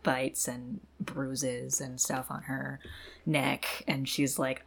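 A woman's voice: extremely low pitch, level tone, takes it slowly, vocal fry, slightly rough. A young woman co-hosting a podcast, recapping a show in casual chat, with lots of "like" and "um". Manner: chatty, laughs often, many fillers like "like" and "um". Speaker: podcast co-host.

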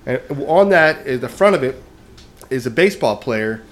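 A man's voice: medium pitch, animated, moderate pace. Man, casual podcast storyteller; rambling, self-deprecating, keeps tagging "right?". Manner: rambling, self-mocking, often adds "right?". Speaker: podcast co-host telling a story.

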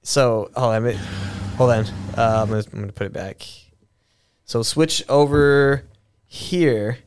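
A man's voice: medium pitch, measured pace, background noise. Casual rambling male podcast host. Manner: rambling, many restarts and fillers, profane. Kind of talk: casual conversational commentary.

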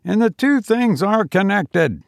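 Guy doing a smug sneery young schemer, pitched up high, slow and drawn out, gravelly edge. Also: very animated, dry recording, clean studio sound, exaggerated voice. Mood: mocking. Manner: mocking, light, smug. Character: scheming broke young man, glib, sneering.

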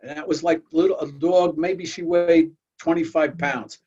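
A man's voice: on the high side, fairly even intonation, moderate pace, warm tone, husky. An older man hosting a talk, telling folksy anecdotes and often repeating words as he goes. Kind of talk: storytelling chat. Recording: dull lo-fi audio.

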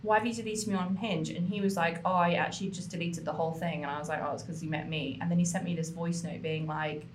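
A young woman co-hosting a podcast, telling a story in an animated way, with lots of swearing and fillers. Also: fairly low pitch, fast, reverberant, slight background noise. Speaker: podcast co-host. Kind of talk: casual chat.

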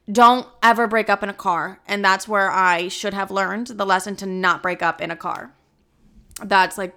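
Smooth-voiced young woman telling stories. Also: medium pitch. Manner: profane, animated retelling with lots of "like". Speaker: vlogger. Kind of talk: casual storytime vlog. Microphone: own camera.

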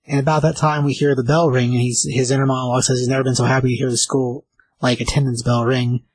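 A man casually recapping a comic book page by page, rambling with lots of fillers and slipping into quick voices for the characters. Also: medium pitch, level tone, darkish tone, slightly rough, no echo, low-quality recording.

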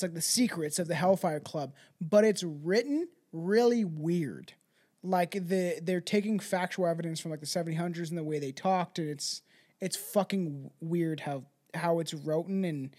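A podcast host chatting casually, animated and profane, jumping between asides and quick put-on voices. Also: medium pitch. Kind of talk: casual chat.

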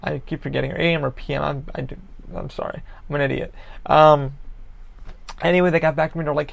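Male podcast host, solo ramble, rough gravelly voice, profane and frustrated, muffled home mic. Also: fairly high pitch, flat delivery, quick pace. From Orlando, Florida area.

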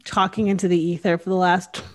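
Animated woman hosting a casual podcast. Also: fairly low pitch, a little fast. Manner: animated, acts out quoted voices. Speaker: podcast host. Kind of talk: casual conversation. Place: her kitchen at home.

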